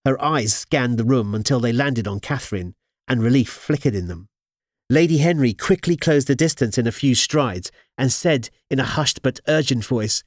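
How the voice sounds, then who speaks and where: A man narrating an audiobook with expressive storytelling. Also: medium pitch, moderate pace, dry recording, clean studio sound.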